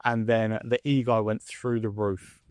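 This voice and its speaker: A man's voice: on the low side, level tone, a little slow, clean tone, no echo, studio quality. A man in his twenties talking candidly to camera in a reflective personal monologue, rambling with fillers and restarts. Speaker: vlogger.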